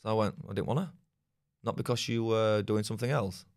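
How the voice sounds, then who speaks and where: A man, telling rambling, sweary stories as a podcast guest. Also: lowish voice. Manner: fast, rambling, swears often, laughs. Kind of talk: casual storytelling chat.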